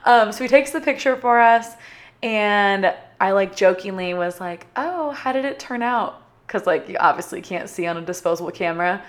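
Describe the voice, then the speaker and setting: A woman's voice: medium pitch, animated, normal speed. Chatty young woman telling a story. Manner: chatty, bubbly, filler-heavy with frequent "like". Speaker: vlogger. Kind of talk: casual storytime.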